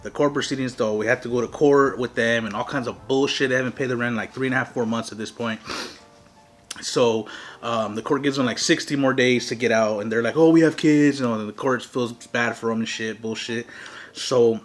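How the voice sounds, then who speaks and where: A man's voice: mid-range voice, a little fast. A young man hosting an eating show, telling a story casually and animatedly with lots of slang and swearing. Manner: profane, slangy, animated retelling. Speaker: mukbang host.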